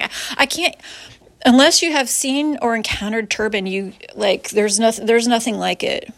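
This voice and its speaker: A woman telling a personal story in a halting, reflective way, sighing and pausing with hesitant fillers. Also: on the high side, vocal fry, no room sound.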